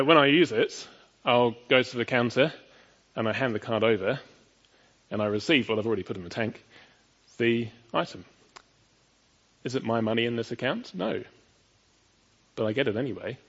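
A man's voice: medium pitch, a bit bright, breathy edge, muffled recording. A man preaching a sermon, earnest and full of rhetorical questions, building to emphatic peaks.

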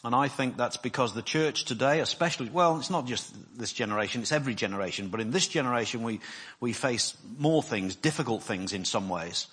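Husky, rambling male preacher. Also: medium pitch, fairly quick, a bit bright. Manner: rambling, self-deprecating, frequent restarts. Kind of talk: sermon.

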